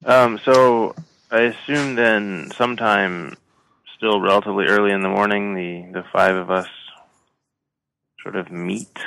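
A man's voice: lowish voice, fairly even intonation, unhurried, creaky, fairly bright tone, rough recording. A man chatting as a player in a tabletop game, hesitant and often laughing. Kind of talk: casual chat at a game table.

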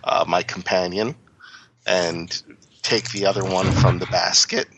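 A man describing his character's actions in a tabletop game, hesitant and deliberate. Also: low-pitched, steady tone, fairly bright tone, slight background noise. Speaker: player. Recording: dull lo-fi sound.

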